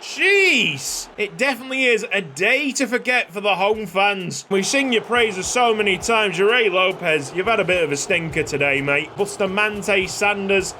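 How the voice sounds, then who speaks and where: Young guy calling his own football game, yells at goals, bright high voice, faint hiss. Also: moderate pace, few pauses. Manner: excitable, shouting at goals, jokey asides. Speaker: gaming YouTuber. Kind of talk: excited gameplay commentary. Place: home recording room. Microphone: desk microphone.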